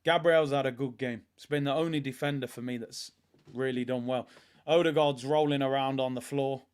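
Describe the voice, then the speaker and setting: A man's voice: medium pitch, fairly even intonation, normal speed, clear, resonant tone. A man hosting a live football watch-along, ranting in exasperation as he talks over the match. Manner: exasperated, ranting, swings between mutters and shouts.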